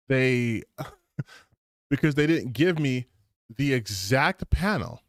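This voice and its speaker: Animated, profane male streamer, dry sound. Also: mid-range voice, slow, pauses often, no room sound. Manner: animated and profane, with bursts of excitement. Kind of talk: casual stream rant.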